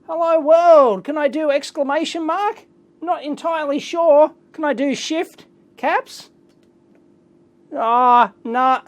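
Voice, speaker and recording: Opening his mail on an electronics video, a man with an Australian accent speaks at an extremely high pitch. The casual, hands-on mailbag unboxing has him chatty and excitable, with rapid exclamations.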